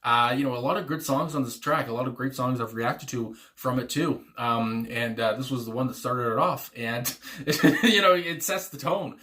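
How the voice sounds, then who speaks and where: A man talks through his reaction to a song in a loose, rambling way, full of fillers and restarts, chuckling as he goes. His voice is bright and forward, sitting at an ordinary middle pitch for a man. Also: normal speed. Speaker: music reaction channel host. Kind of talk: casual spoken reaction commentary.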